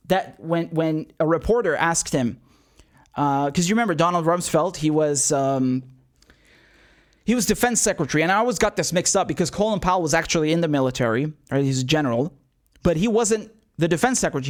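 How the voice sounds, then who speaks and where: A young man hosting a casual political commentary show. He talks in an animated, sarcastic way, laughs often and repeats himself. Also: sits high.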